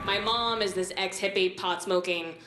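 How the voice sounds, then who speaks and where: A woman's voice: mid-range voice, steady tone, normal speed. A female stand-up comedian telling family stories in a dry, understated way. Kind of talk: stand-up set. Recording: echoey room with loud noise.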